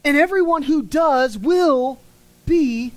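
On a rough recording, a high-pitched woman preaches with emphasis. She lengthens important words, and her phrases trail downward at the end.

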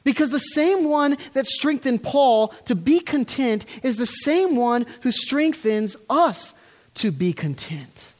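A man's voice: very high-pitched, very animated, slow pace. A man preaching an earnest, emphatic sermon as pastor, speaking to his congregation in church and asking them questions.

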